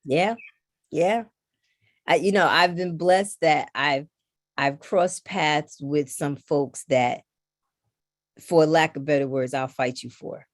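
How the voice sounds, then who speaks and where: Middle-aged woman, low and gravelly, animated storyteller, casual podcast guest. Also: no room sound, clean studio sound. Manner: animated storyteller who acts out others' lines. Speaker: podcast guest, knitting designer. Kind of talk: casual conversation.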